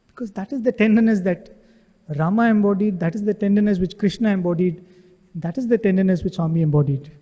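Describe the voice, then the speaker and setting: Devotional speaker, male, high voice, earnest storyteller, recorded in a reverberant hall. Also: mellow, highs cut off. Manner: earnest storytelling, frequent rhetorical "right?". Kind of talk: devotional talk. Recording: echoey hall with long reverb.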